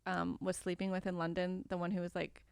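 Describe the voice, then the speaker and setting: A woman's voice: on the low side, monotone, fairly quick, creaky, darkish tone, clean tone, no room sound. A woman co-hosting a podcast, bantering with enthusiasm in a studio. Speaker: podcast co-host. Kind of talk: casual chat. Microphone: studio microphone.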